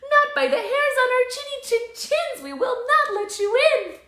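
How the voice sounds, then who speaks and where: A woman voicing frightened little pigs in a high, squealing storybook voice. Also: animated, moderate pace, sharp tone, heavily acted. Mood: defiant. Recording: roomy echo.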